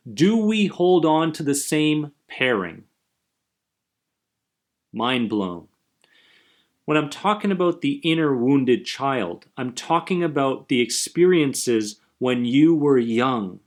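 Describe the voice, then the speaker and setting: A man hosting a self-help podcast, talking earnestly and emphatically about anxiety and often checking in with "right?". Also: medium pitch. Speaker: anxiety coach and podcast host. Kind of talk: motivational self-help talk.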